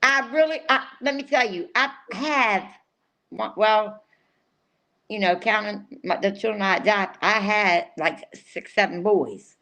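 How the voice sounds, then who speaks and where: An older woman from North Carolina co-hosting a podcast, chatting casually in a rambling, excitable way with frequent restarts. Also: medium pitch, measured pace. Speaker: podcast co-host. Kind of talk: casual chat.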